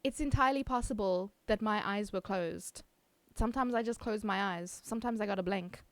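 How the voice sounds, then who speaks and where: A woman's voice: medium pitch, fairly quick, dry recording. A woman streaming live, chatting casually, reading chat aloud and laughing often.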